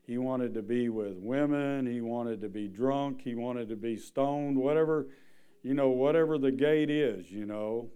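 A man delivers a sermon, moving from scripture reading to fervent preaching. His voice is smooth and resonant, sitting at a mid pitch. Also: measured pace, mellow. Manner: reads scripture, then preaches with rising intensity.

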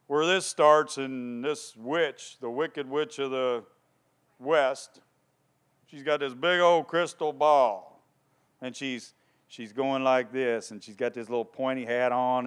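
A man's voice: mid-range voice, clear, resonant tone. A man preaching a sermon, retelling a story and asking his listeners questions. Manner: storytelling, lively, asks the congregation questions. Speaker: pastor.

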